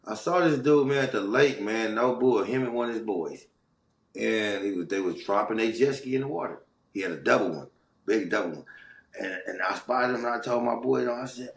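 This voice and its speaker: A middle-aged man from Watts, Los Angeles, telling his story as a guest in casual, animated, slangy talk. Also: on the low side, a little fast, creaky. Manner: animated, slangy, chuckles between phrases. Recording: roomy echo.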